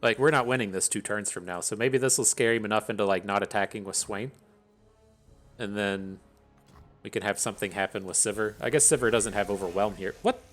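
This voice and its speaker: A man's voice: fairly low pitch, fairly quick, fairly bright tone, faint music behind. A man thinking aloud as he commentates his own card game, swearing freely and grumbling between plays. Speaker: gameplay commentator. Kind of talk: casual gameplay commentary.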